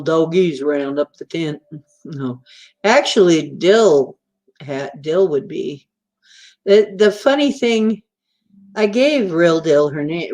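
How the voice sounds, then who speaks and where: A woman's voice: sits low, darkish tone. A woman hosting a casual livestream, chatting in a rambling, teasing way and laughing easily. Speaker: livestream host.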